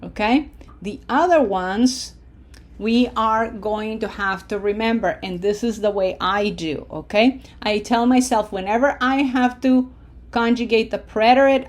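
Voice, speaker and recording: A woman teaching a language lesson, modeling words slowly for repetition and checking in with frequent "okay?". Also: on the high side. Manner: patient, drawn-out model phrases for repetition. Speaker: Spanish teacher. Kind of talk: slow pronunciation lesson.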